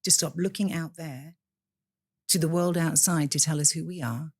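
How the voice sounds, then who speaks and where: Woman, low pitch, dry sound, impassioned, podcast guest. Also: fairly even intonation, moderate pace, slightly rough, no room sound. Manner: impassioned, preacher-like. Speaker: guest, priestess. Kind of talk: podcast interview.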